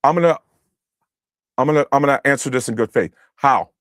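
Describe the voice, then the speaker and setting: A young man streaming to his chat, ranting in a heated, profane way and often shouting. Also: mid-range voice, fairly quick, no room sound, clean studio sound. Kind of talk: heated political livestream rant.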